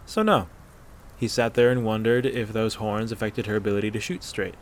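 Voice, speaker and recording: A man narrating a fan-fiction story aloud in a steady, measured way. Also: on the low side, slight background noise.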